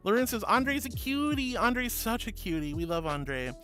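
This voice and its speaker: A mid-pitched streamer chats through viewer messages, teasing and affectionate, laughing easily and calling everyone sweetheart. Steady background music runs clearly under the voice, picked up on a close desk mic. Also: normal speed. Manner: affectionate, playful, giggly, calls viewers sweetie and honey. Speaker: VTuber streamer. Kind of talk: casual livestream chat, reading viewer messages. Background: music playing.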